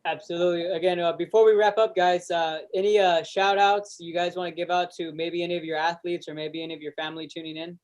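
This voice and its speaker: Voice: medium pitch, level tone, quick pace, few pauses. A show host running a casual sports talk show, speaking in an upbeat, conversational way.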